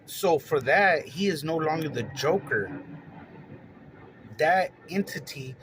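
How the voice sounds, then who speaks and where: Male film reviewer, casual and unscripted, slightly high voice, slow, rambling delivery. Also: expressive, noisy background. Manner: rambling, many fillers and restarts, laughs often, swears. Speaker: movie reviewer.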